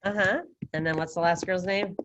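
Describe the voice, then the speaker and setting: A woman's voice: lowish voice, steady tone, brisk, background noise. A woman teaching a Spanish class over a video call, casual and upbeat as she quizzes her students. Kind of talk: online class lesson. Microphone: computer mic on a video call.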